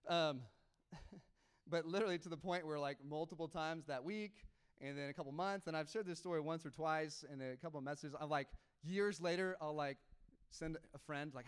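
A young adult man, a pastor, telling a story in a sermon in a casual, animated way with laughs and quoted dialogue. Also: on the high side, normal speed, smooth.

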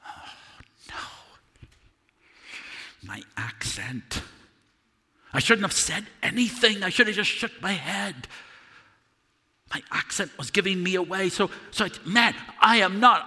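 At a church service, a man performs a first-person dramatic monologue as Apostle Peter, the remorseful fisherman recounting his denial. His bright, forceful voice sits on the high side and is heavily acted, carrying a long reverb in the church sanctuary. Anguished, he speaks earnestly and confessionally, halting and repeating words.

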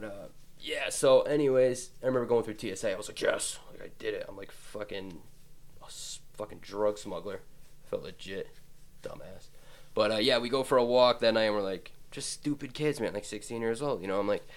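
Brief: young male podcast host, low gravelly voice, loose and foul-mouthed, laughs through his own anecdotes. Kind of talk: rambling comic storytelling.

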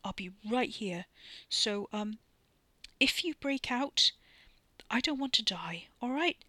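A man's voice: high-pitched, expressive, slow pace, pushed and bright, no room sound, heavily acted. A woman voicing an anxious young man who rambles and stammers while guarding his sister.

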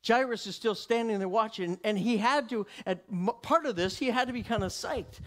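A man with a notably high voice preaching a teaching sermon. He acts out the people in the story, swinging from loud, ringing declarations to hushed whispers. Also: fairly quick.

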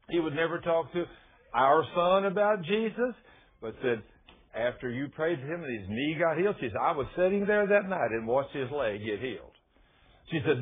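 A man's voice: mid-range voice, husky. A middle-aged man, preaching a sermon and telling stories, acting out the dialogue in a folksy way. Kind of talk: sermon with storytelling. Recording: tinny phone-like radio broadcast.

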